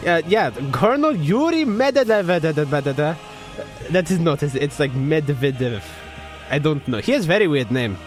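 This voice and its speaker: A man putting on a fake Russian accent as a bumbling, proud Soviet newsreader, speaking loud and cheerful in broken English. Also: a little high, big pitch swings, measured pace, faint music behind. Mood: proud deadpan. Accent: put-on Russian.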